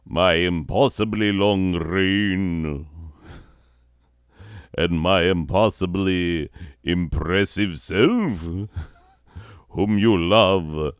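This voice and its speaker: A man voicing a vain, ancient male king who proclaims grandly to his subjects in a slow, deep voice. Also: clean tone, no room sound, studio quality. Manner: grandiose, self-adoring, proclaiming.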